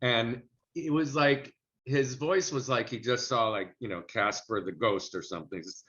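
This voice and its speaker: A man's voice: on the low side, steady tone, moderate pace, bright, forceful tone. A middle-aged man telling a story from his acting career in an interview, chatty and anecdotal. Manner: chatty anecdotal storyteller who slips into character voices for quotes. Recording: muffled lo-fi sound.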